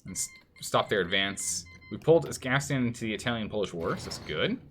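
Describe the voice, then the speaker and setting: A man's voice: mid-range voice, big pitch swings, fast, a bit bright, faint music behind. A man streaming a strategy game and commenting live, thinking aloud and scolding the game's nations in mock outrage.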